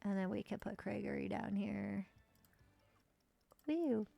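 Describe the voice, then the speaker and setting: A woman's voice: mid-range voice, slow, vocal fry, warm tone, soft background music. A woman streaming a life-simulation game, chatting casually and swearing now and then as she plays. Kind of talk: casual gameplay commentary.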